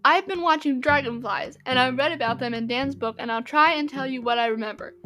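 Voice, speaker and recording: A woman's voice: sits high, fairly quick, pushed and bright, faint music behind. Woman reading as an earnest little boy. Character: earnest little crippled boy, eager storyteller.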